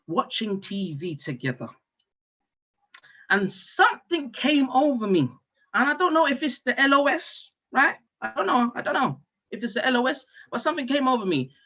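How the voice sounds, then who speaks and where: Animated comic with a bright voice. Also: male voice, high-pitched. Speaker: stand-up comedian. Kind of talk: stand-up comedy monologue. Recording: dull lo-fi stream audio.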